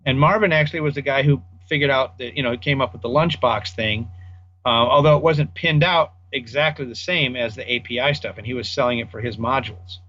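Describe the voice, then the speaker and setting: A man's voice: mid-range voice, a little fast, a bit bright, dull audio. Older man spinning rambling studio stories. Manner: rambling anecdotal, acts out quoted dialogue. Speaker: guest audio designer. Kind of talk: casual storytelling interview.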